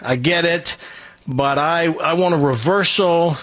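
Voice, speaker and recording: A man's voice: fairly high pitch, unhurried, fairly bright tone, voice pushed up. A man putting on a stuttering young guy's voice. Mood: frustrated. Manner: stammers and repeats words. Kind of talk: joke telling on radio.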